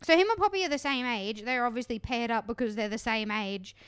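A woman's voice: on the high side, fairly quick, fairly bright tone, smooth, no echo, studio quality. A woman co-hosting a podcast, chatting playfully and mocking herself while recapping a TV show. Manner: playful, self-mocking, bursts of laughter. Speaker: podcast co-host. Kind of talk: casual chat recapping a TV show.

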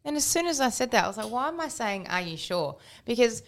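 An Australian woman co-hosting a casual radio chat, telling animated stories. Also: a little high, brisk. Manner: chatty, animated storytelling.

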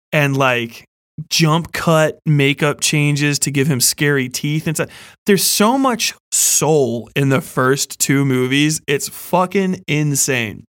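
Young male host, somewhat high-pitched, casual and profane, rambles between laughs, recorded dry. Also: a bit bright, no room sound. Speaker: podcast host. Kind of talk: casual review chat.

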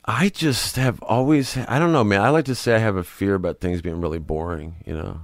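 A lower-pitched man speaks in a home garage studio with a close, dry sound. He rambles and circles back on himself, thinking out loud as a comedian guest in a candid chat. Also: brisk, dry recording. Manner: rambling, self-searching, jumps between ideas. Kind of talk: candid podcast conversation.

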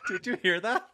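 A man's voice: on the low side, noisy background. A man hosting a podcast in casual, playful chat, often laughing and acting out little scenes. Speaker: podcast host.

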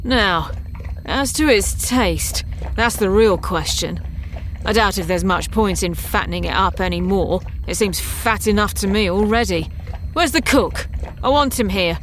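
A gruff male starship captain, as a woman reads him aloud cuts in with blunt, commanding lines. He sounds impatient and bossy. The voice is mid-pitched. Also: unhurried, a little hiss or hum, lightly acted. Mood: brusque. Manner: brusque, commanding.

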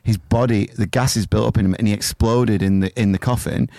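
A man's voice: fairly low pitch, fairly even intonation, fairly quick, warm tone, no echo, studio quality. A man co-hosting a podcast, telling rambling, sweary stories in casual comedy chat. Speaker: podcast co-host.

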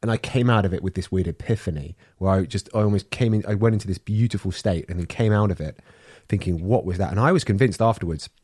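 A man's voice: sits low, fast talker, few pauses, darkish tone, husky, dry recording, clean studio sound. A man co-hosting a podcast, telling rambling stories in casual chat with many restarts. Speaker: podcast co-host.

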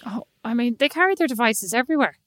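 A middle-aged woman co-hosting a casual chat, telling animated stories and teasing her friend. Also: fairly high pitch, fast, no room sound. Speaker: podcast co-host.

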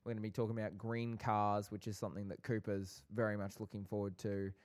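A man with a fairly low voice co-hosts a relaxed podcast. He chats and banters in a playful, easygoing way. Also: fast. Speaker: podcast co-host. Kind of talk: casual podcast chat.

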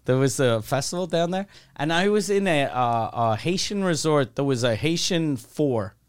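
A man from Quebec tells stories in a loose podcast chat. His voice sits a bit high for a man, and he swears a lot as the stories pick up. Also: moderate pace, clean tone. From Quebec, Canada. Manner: animated storytelling, swears freely. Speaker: podcast co-host.

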